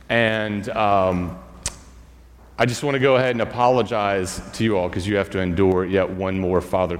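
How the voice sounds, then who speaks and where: A man who is a school chaplain, telling a folk tale in a relaxed, conversational sermon with fillers and asides to the congregation. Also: fairly low pitch. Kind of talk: storytelling sermon. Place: church. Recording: church hall reverb.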